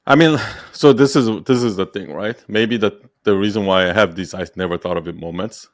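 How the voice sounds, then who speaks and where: A man's voice: lowish voice, brisk, dry recording, studio quality. A man hosting a podcast, coaching his guest in casual talk, probing with questions and often checking whether he is understood. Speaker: podcast host.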